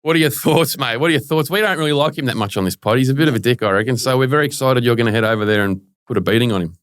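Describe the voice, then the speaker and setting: A man hosts a podcast with blokey, swearing banter. He talks fast. His voice sounds dry and close to the mic. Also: medium pitch, clean tone, no echo. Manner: blokey, crude banter with quick laughs. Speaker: podcast host. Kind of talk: casual podcast interview.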